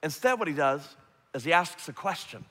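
A man preaching a sermon, earnest, swinging from emphatic to hushed and soft. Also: a little high, animated, normal speed. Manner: earnest, rising to emphatic then dropping to hushed. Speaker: pastor. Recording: long hall reverb.

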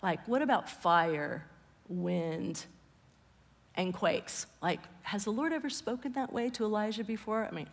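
A woman's voice: medium pitch, a little slow, gravelly, in a large hall. A woman preaching a conversational sermon, often dropping her voice to a whisper for emphasis.

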